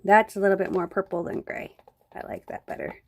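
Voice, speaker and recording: A woman's voice: medium pitch, fairly even intonation, brisk, gravelly, noisy background. A middle-aged woman hosting a live painting stream, chatting casually and rambling to viewers while she works, with hiccups. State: has hiccups. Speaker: live-stream craft host.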